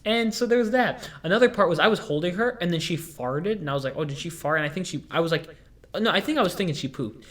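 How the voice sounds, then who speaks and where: Goofy rambling young man, slightly high. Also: animated, quick pace, fairly bright tone. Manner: rambling, goofy, many fillers and restarts. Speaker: podcast host. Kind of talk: casual chat.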